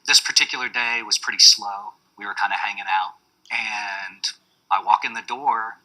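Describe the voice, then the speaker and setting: A man giving a documentary interview, telling a story in a relaxed way. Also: fairly low pitch, normal speed, poor audio. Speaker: bar staff interviewee.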